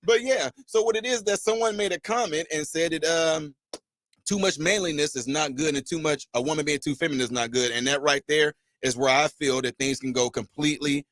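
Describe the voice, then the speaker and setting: Male call-in host, middle-aged, high pitch, animated and emphatic, dry close sound. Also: a little fast, no echo. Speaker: host taking callers. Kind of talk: livestream commentary.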